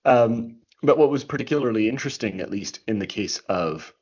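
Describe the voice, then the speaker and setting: A man's voice: mid-range voice, animated, a little fast, darkish tone, husky. A man co-hosting a history podcast, explaining in casual chat, restarting often and tagging his points with "right?". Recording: dull lo-fi recording.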